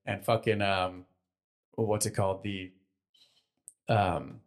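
A man's voice: deep voice, fairly even intonation. Profane young man recapping a cartoon. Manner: profane, rambling, acts out characters in quick voices. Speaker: podcast co-host. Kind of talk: casual podcast chat recapping a cartoon episode.

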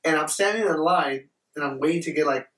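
A young man telling a story in casual chat, animated and profane, acting out the voices he quotes. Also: a little high, brisk. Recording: roomy, mic at a distance.

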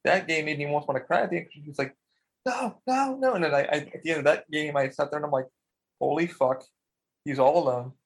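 Gravelly-voiced man, casual gaming chat. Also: a little high, fast, rough recording. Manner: animated, swears a lot, acts out quotes. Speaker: podcast co-host. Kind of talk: casual chat about video games.

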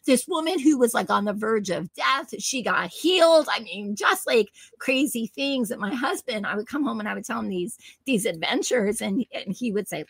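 A middle-aged woman from New Jersey, a guest telling animated stories in a conversation and acting out quoted voices. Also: fairly high pitch, moderate pace, vocal fry, hardly any pauses, slightly rough, no echo. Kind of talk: storytelling in a conversation.

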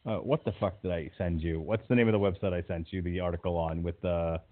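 A man's voice: sits low, steady tone, quick pace. A man hosting a casual podcast chat, joking and laughing often between remarks. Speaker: podcast host. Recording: tinny phone-like audio.

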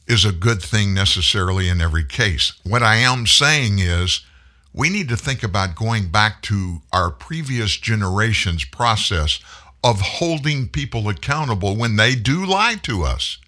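A man's voice: fairly low pitch, animated, a little slow, bright, forceful tone. A man hosting a talk show, delivering a folksy, emphatic political commentary monologue. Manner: folksy, emphatic, preachy, addresses listeners as folks.

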